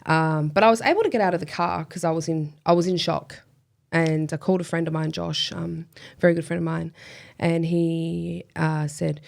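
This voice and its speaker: A woman recounts a personal story as an interview guest, chatty and full of fillers. Her voice sits somewhat low with a steady creaky fry. She laughs at herself as she goes. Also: moderate pace. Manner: chatty, many fillers, self-deprecating laughs.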